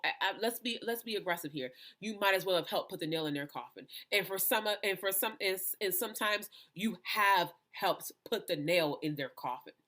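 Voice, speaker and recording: Woman minister hosting her own talk, lower voice, emphatic, preachy delivery with restarts. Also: a bit bright. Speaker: minister and host. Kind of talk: impassioned personal talk to camera.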